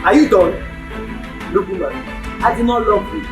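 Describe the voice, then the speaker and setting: A man's voice: high-pitched, expressive, moderate pace, over music. An actor playing a cold husband who harshly rejects his pleading wife in a film drama. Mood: contemptuous. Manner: harsh, dismissive, raised voice. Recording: echoey room, voice from a distance.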